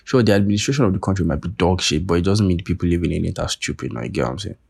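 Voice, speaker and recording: Young nigerian guy ranting on his podcast, deep gravelly voice, lots of swearing. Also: lively intonation, racing, darkish tone. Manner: profane, ranting, sarcastic. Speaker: podcast host. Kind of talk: casual monologue.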